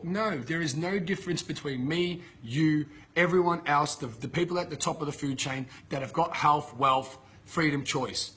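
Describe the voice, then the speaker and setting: A man coaching his viewers with a blunt, profane, emphatic rant. His voice sits a little high for a man and has a bright, forceful edge. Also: normal speed, hardly any pauses, breathy edge. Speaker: motivational coach. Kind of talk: motivational talk to camera. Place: filmed in Bali with a camera operator.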